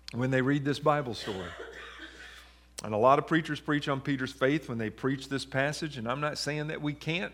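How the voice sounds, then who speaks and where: A man's voice: a little high, fairly bright tone. A man preaching a sermon in a church, reading scripture and talking through it conversationally with questions to the congregation. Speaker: pastor.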